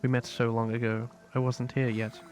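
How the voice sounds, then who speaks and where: A man reading as a mysterious ancient spirit, quiet, halting, medium pitch, faint game music. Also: little pitch movement, lightly acted. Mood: hushed, hesitant. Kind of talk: reading game dialogue aloud.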